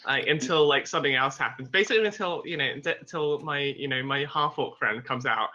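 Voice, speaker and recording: A man's voice: medium pitch, brisk, sharp tone, muffled recording, faint music behind. A man playing a tabletop game, describing his character's actions in a profane, laughing, rambling way. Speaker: player.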